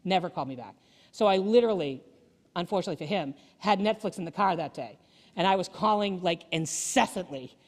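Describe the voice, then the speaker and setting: A woman lawyer giving a candid, energetic story-driven speech at a dinner event. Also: on the low side, brisk. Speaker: defense attorney. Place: banquet hall. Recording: echoey hall.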